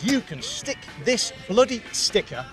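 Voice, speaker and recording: An actor playing a hot-tempered, blunt British racing driver with an English accent who curses and argues. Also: male voice, very high-pitched, big pitch swings, unhurried, fairly bright tone, faint music behind, full character voice. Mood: heated. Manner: brash, cursing, argumentative.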